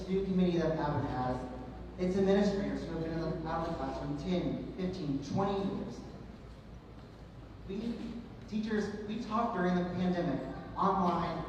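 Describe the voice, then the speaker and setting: A man's voice: high voice, muffled recording. Man, teacher, town hall question, earnest, long hall reverb, background noise. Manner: earnest, halting, apologetic. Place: large echoey hall. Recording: echoey hall, distant, noisy.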